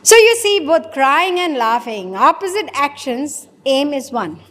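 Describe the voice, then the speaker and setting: A woman delivers a spiritual talk, questioning her listeners and playing out short dialogues. Her voice sits high. Long reverb trails every phrase, as in a large hall. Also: big pitch swings, unhurried, fairly bright tone. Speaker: spiritual teacher. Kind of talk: sermon.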